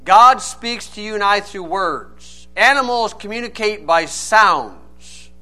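A man's voice: high-pitched, lively intonation, slow pace, bright, forceful tone. A man preaching a sermon, reading old-style scripture and then explaining it plainly and with emphasis.

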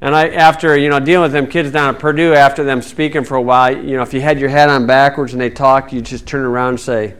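A man's voice: mid-range voice, little pitch movement, quick pace, hardly any pauses, fairly bright tone, clean tone. A man teaching the Bible in a folksy sermon style, with sarcastic asides and mocking voices.

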